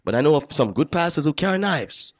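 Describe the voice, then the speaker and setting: A man preaching a sermon as pastor, calling out to the congregation with repeated phrases and "uh" fillers. He drops into hushed asides, then climbs into loud, high exclamations. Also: very animated, brisk. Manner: call-and-response preaching, repetitive, frequent "uh" fillers.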